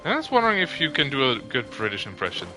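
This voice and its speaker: A man streaming a video game live, chatting casually, swearing and reacting loudly. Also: medium pitch, wildly swooping pitch, quick pace, music in the background. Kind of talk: casual livestream gaming chat.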